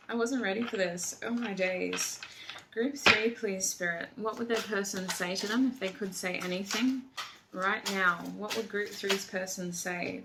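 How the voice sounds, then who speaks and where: Heavy background noise surrounds a woman's mid-range voice as she gives a tarot reading with channeled messages. Her delivery is effusive and full of emotion, with frequent exclamations over the cards.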